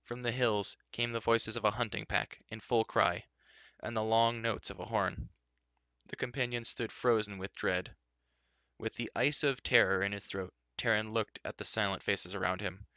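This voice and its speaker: A man's voice: steady tone, normal speed, clean tone, dry recording, highs cut off. A man reading a fantasy storybook aloud, giving the characters their own voices. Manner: shifts pitch and loudness for each character's lines. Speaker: audiobook reader.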